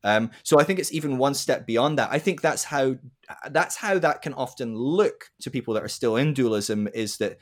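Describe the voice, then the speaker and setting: A man's voice: mid-range voice, moderate pace. A man in casual conversation who tells stories and acts out the people in them, with frequent restarts and tag questions. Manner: animated, acts out quoted voices, frequent restarts and "right?".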